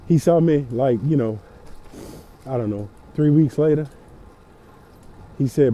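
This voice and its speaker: A man's voice: mid-range voice, measured pace, long pauses, lo-fi sound, slight background noise. A man, ranting preachily and emphatically about fitness while riding a bike outdoors in the cold. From Louisiana. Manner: preachy, emphatic, repeats himself. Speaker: fitness vlogger. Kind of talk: motivational rant.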